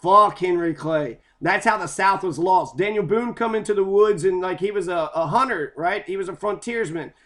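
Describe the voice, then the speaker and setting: A man's voice: high voice, moderate pace, hardly any pauses, a bit bright. A man from Kentucky giving a heated, sarcastic, profanity-filled monologue about local history. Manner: heated, sarcastic, constant swearing.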